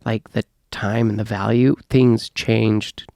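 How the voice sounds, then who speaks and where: A man's voice: lowish voice, level tone, takes it slowly, gravelly, warm tone, no room sound, studio quality. A man, a podcast host now interviewed in casual chat, talking candidly and rambling, swearing freely.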